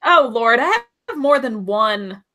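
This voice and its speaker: A woman's voice: on the high side, unhurried. A woman co-hosting a live podcast, chatting casually and asking lots of questions. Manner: animated, asks lots of questions. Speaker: podcast co-host.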